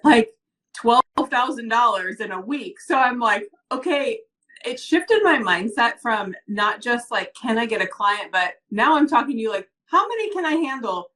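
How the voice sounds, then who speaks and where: A woman's voice: on the high side, animated, unhurried, sharp tone. A woman coaching client who speaks in a casual interview with an earnest, heartfelt, rambling manner. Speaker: coaching client and business owner. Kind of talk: casual interview, personal story.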